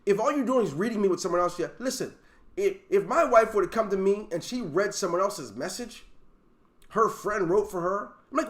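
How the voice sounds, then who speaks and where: High-voiced man giving a preachy pep talk. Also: animated, fairly quick. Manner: emphatic, preachy, full of rhetorical questions. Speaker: network marketing team leader. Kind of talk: motivational leadership talk. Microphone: video call.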